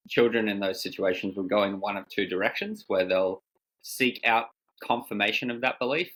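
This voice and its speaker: A man's voice: on the low side, fairly bright tone, poor audio. A man being interviewed as a coach, telling a personal story in a thoughtful, searching way with many restarts. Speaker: guest coach. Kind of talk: reflective storytelling in conversation.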